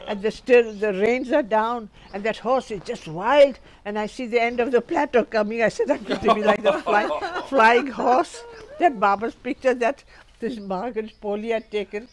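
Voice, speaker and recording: An older woman's voice is on the high side, moving at a moderate pace with hardly any pauses, and crowd noise can be heard. At home, she tells funny stories from her life with gusto, laughing often.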